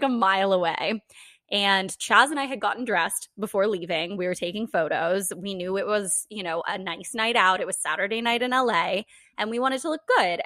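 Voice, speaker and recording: A young woman co-hosting a podcast, telling a story in a casual, animated way, laughing and joking crudely. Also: mid-range voice, dry recording, studio quality. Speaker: podcast co-host.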